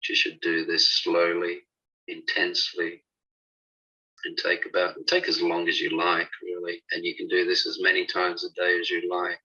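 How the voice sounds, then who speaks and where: Deep raspy guy walking someone thru a healing practice, slow and reassuring, muffled call sound. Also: bright, forceful tone. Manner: slow, instructive, reassuring guidance. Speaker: spiritual healing teacher. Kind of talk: guided healing session and talk.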